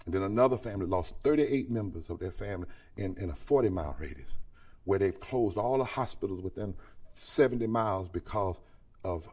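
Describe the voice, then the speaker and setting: A man's voice: low-pitched, darkish tone, slightly rough. Man preaching hard, voice swooping up and down, sounds kinda far off the mic. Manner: impassioned preaching that climbs to near-singing, calls out to the audience. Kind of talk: sermon-style conference address. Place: large conference hall.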